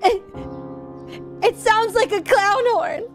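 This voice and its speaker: Brash high-voiced woman streamer. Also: takes it slowly, faint music behind. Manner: brash, crude, comic rants to chat. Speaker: VTuber streamer. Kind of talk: live game stream commentary.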